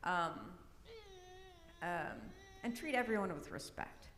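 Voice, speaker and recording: A middle-aged woman speaks slowly and expressively, her lowish voice fairly bright, while leading an informal workshop. She's chatty, frequently using "um" and "right?" The echoey recording from a large church hall has long reverb and faint noise.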